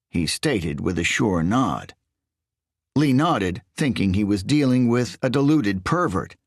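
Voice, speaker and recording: A man reading a thriller audiobook in measured, expressive scripted narration. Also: low voice, breathy edge, no echo, clean studio sound.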